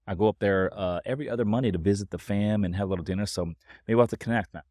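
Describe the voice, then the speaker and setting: A man's voice: on the low side, racing, darkish tone, no room sound, clean studio sound. A man from Southern California hosting a podcast, talking in an upbeat, friendly, slangy way. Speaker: podcast host. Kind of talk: casual interview talk.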